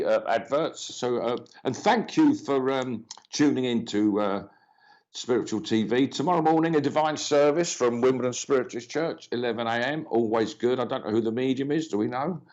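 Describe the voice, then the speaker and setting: A man's voice: mid-range voice, a little fast, darkish tone. A man hosting a live mediumship reading stream, chatting loosely and greeting viewers by name between rambling, filler-filled remarks. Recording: dull lo-fi stream audio.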